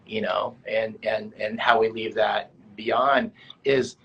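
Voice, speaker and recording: A man interviewing a guest, asking casual, halting questions full of fillers. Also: lowish voice, little pitch movement, vocal fry, breathy edge, dull audio. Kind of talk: conversational interview.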